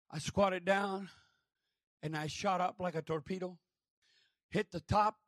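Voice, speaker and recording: An older man from New Mexico preaching a sermon, with shouted emphasis and frequent calls of amen. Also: sits high, fairly even intonation, moderate pace, no echo, studio quality. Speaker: pastor.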